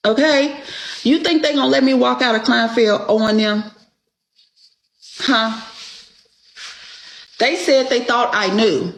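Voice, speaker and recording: Woman guest, emphatic and profane storyteller, unhurried, in a roomy, echoey space. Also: on the high side, slight background noise. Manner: emphatic, profane, keeps asking "okay?". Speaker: guest telling her story. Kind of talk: casual storytelling. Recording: echoey room.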